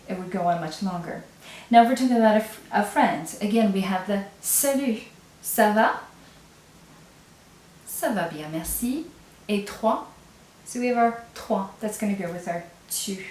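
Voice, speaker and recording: Female teacher, patient step-by-step explainer, mid-pitched, recorded at a distance in a reverberant room. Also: a little mellow, a little hiss or hum. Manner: explains step by step, repeats example phrases slowly. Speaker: French teacher. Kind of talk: classroom language lesson. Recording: echoey room, voice away from mic.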